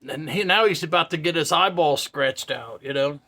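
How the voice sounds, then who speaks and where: A man's voice: a little high, normal speed. A man in his fifties telling a story casually to camera, swearing often and laughing. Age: 50s. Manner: profane, laughing, animated. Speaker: vlogger.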